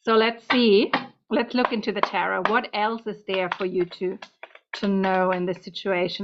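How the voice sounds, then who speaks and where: The speaker is a woman tarot reader at home, giving a casual reading to camera. Her mid-range voice has fairly even intonation and a slightly slow pace; she's chatty, meandering, slightly winded, and talks to her cat between points. There's background noise, and the sound is dull and lo-fi.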